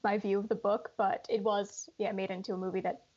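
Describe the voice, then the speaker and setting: A woman's voice: medium pitch, flat delivery, a little fast, a little mellow. Woman, podcast co-host, chatty with fillers, dull lo-fi audio. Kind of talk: casual chat.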